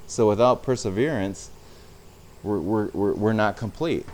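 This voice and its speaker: A man's voice: fairly low pitch, a little slow, darkish tone. A man preaching a sermon as a pastor, speaking conversationally and sometimes repeating words.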